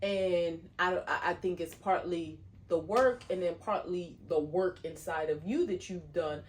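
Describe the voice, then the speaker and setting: A woman co-hosting a podcast, speaking gently and supportively to her partner, a little halting. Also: fairly low pitch, a little hiss or hum. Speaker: podcast co-host. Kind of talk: casual chat.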